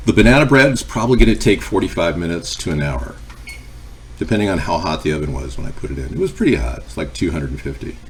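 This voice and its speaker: Casually chatting on a live stream, this man cooks in his home kitchen, bouncing between the recipe and viewers' comments. He has a deep voice with lively intonation, talks fast, and there's a little hiss or hum on the recording.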